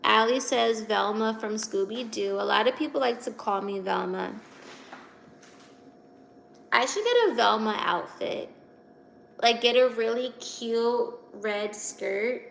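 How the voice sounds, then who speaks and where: A woman's voice: fairly high pitch, slow pace, creaky, fairly bright tone, slight background noise. A young woman from Virginia hosting a casual livestream, chatty and giggly as she reads out and answers comments. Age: 20s. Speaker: livestream host reading chat.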